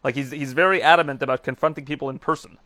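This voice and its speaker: A man hosting a casual mixed martial arts chat show, talking fast and chatty with many fillers. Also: mid-range voice, fairly even intonation, pushed and bright, dry recording, clean studio sound. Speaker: MMA show host.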